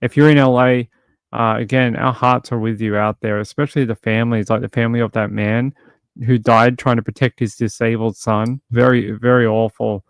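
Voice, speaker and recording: A man's voice: medium pitch, steady tone, moderate pace, clean tone, no room sound. Chatty male livestream host, dry sound. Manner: chatty and rambling, many fillers and restarts; jokey, playful asides. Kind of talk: casual chat reading viewer comments.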